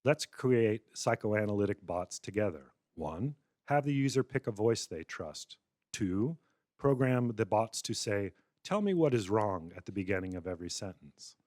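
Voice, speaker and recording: A man voicing a flattering, eager chatbot that gushes praise and lists steps. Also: lowish voice, moderate pace, no room sound, studio quality, lightly acted. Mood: sycophantic. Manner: gushing, upbeat listing.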